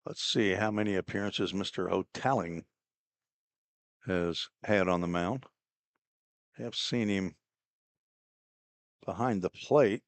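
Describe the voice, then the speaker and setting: Man, low voice, relaxed baseball play-by-play, chatty asides, dry close sound. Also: takes it slowly, pauses often, no room sound. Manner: relaxed, chatty, laughs at own slips. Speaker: play-by-play announcer.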